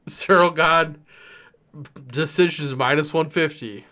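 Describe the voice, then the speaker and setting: A man's voice: a little high, takes it slowly, bright, forceful tone. A man co-hosting a fight betting podcast in a laid-back way, laughing often. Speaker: podcast co-host. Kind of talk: casual betting chat.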